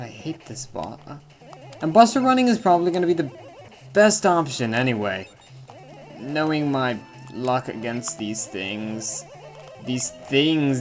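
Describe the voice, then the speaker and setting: A man giving casual, rambling commentary over a video game he is playing, with self-deprecating jokes and frequent asides. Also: medium pitch. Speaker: let's play commentator. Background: faint game music.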